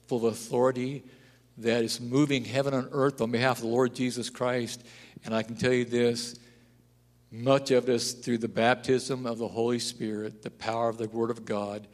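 A pastor preaching a sermon, telling stories and rising to loud, emphatic declarations. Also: male voice, medium pitch. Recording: long hall reverb.

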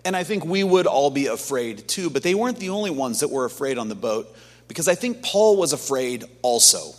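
Male pastor, casual storytelling sermon, mid-pitched voice, long church reverb. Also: a little fast. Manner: conversational, animated storytelling with dramatized quotes. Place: church sanctuary.

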